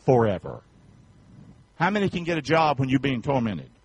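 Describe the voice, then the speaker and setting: A male pastor preaching a sermon in a folksy, colloquial way, leading the congregation in call-and-response and swinging from shouts to hushed tones. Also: medium pitch, big pitch swings, normal speed, slight background noise, rough recording.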